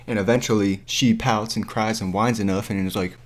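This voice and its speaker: A young man vents into his camera with a casual, foul-mouthed, exasperated energy. His voice sits on the low side, and he talks with animated disbelief. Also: normal speed, hardly any pauses. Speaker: vlogger. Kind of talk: casual movie review rant. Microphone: camera mic.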